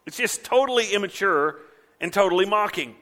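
A man preaching a sermon as a pastor, animated, sometimes mimicking mocking voices. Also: sits high, brisk.

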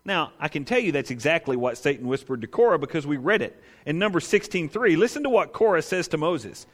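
A male pastor preaching a sermon in an animated, conversational way with rhetorical asides. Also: high voice, brisk.

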